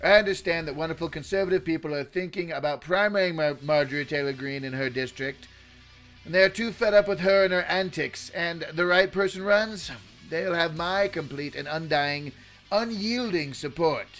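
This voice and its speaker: Man putting on a boastful older president voice, ranting, declarative, fairly high-pitched. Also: normal speed, fairly bright tone, faint music behind, lightly acted. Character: impression of a blustery older male president. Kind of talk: reading a post aloud in an impression.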